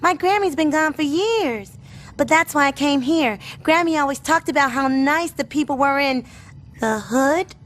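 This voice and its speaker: A woman voicing a gentle, polite, well-spoken young girl who ran away from uptown, in an animated sitcom. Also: sits high, normal speed. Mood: sweet.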